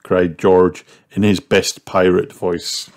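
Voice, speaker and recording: A man reading a children's storybook aloud, gentle and measured. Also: low-pitched, flat delivery, heavy background noise. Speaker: narrator.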